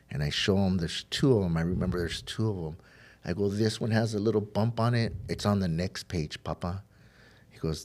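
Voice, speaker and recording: A man with a fairly low voice recounts his own story on a podcast. He is candid and rambling, full of fillers and restarts, and he acts out the dialogue as he goes. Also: a little mellow. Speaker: podcast guest sharing his recovery story. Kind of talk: heartfelt personal storytelling.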